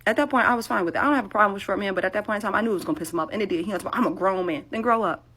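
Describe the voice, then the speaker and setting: A woman telling a sarcastic, animated story straight to the camera in a casual monologue. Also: medium pitch, rapid-fire.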